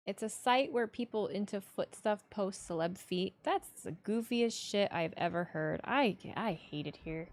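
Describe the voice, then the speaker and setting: A woman's voice: medium pitch, expressive, a little slow, hardly any pauses. A young woman streaming casually, joking and speaking bluntly, with free swearing. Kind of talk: casual live-stream chat.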